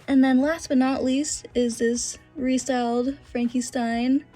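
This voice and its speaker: Chatty young woman, slightly high voice. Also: fairly even intonation, slow pace, dark tone, soft background music. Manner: gushing, lots of filler "like". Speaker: vlogger, doll collector. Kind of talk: casual show-and-tell chat.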